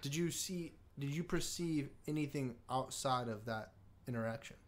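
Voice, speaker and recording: A man's voice: mid-range voice, normal speed. A man hosting a casual podcast chat, mostly giving short replies and asking pointed questions. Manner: short back-channel replies and probing questions. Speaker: podcast host.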